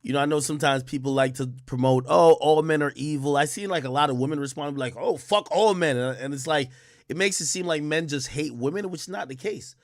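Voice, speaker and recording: A man's voice: mid-range voice, quick pace, dry recording, studio quality. A man giving casual commentary as a reaction host, explaining his take in a loose, conversational way with frequent fillers. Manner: casual, explanatory, repeats "you know" and "like".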